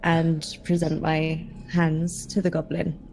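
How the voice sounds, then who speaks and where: A woman's voice: sits low, completely flat delivery, slow, warm tone, a little hiss or hum. A woman player in a tabletop game, talking casually and a little hesitantly. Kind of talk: casual play chat.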